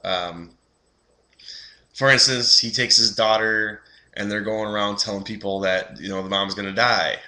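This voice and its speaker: A man's voice: lowish voice, steady tone, moderate pace, pushed and bright. A young man giving a casual, rambling film review, full of fillers and restarts.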